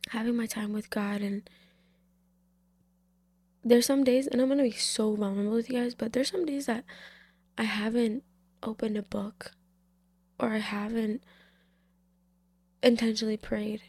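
Tearful young woman, husky and soft. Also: on the high side, fairly even intonation, moderate pace, pauses often, no room sound. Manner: emotional, soft-spoken, drifts into whispers, many fillers. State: tearful, emotional. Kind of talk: personal faith testimony, casual.

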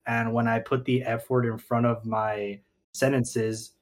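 A man's voice: mid-range voice, level tone, unhurried. Young man hosting a casual podcast. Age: young adult. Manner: swears often, laughs easily; mentions a stutter. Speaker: podcast host.

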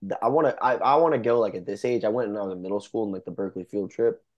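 A man's voice: fairly low pitch, racing, highs cut off. A young man hosting a podcast, chatting loosely with his guest, joking around and swearing freely. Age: young adult. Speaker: podcast host. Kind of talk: casual podcast interview.

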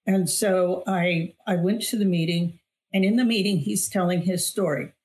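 A middle-aged woman, an author and weight loss coach, appears as a guest on an interview show and shares a personal testimony. Her fairly low, darkish voice moves at normal speed, earnest and emphatic, often repeating phrases for weight.

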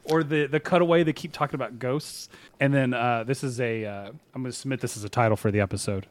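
A man's voice: medium pitch, fairly even intonation, fast talker. A man co-hosting a podcast, chatting casually and laughing often as he reviews a web series. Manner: laughs often, rambling and playful. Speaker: podcast co-host.

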